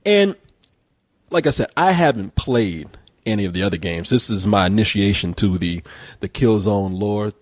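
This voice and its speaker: With a fairly low, lively voice at normal speed, a man hosts a video game podcast and reviews a game through loose, joking banter, swearing freely and laughing often. The audio is studio quality with no room sound.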